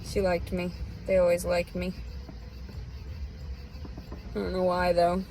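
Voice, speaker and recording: A woman with a Southern accent vents in a bitter, rambling rant, cursing freely in a lowish voice. She talks outdoors, with faint passing cars audible behind her. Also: monotone, takes it slowly, warm tone, slight background noise, rough recording. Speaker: vlogger. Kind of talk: unscripted personal rant.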